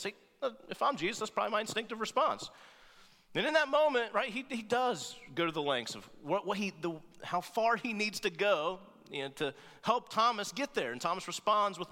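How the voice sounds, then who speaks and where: A man's voice: sits high, big pitch swings, fairly quick, pushed and bright. A man preaching a sermon as pastor, talking conversationally and often checking in with "right?" and playful asides. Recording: long reverb of a large hall.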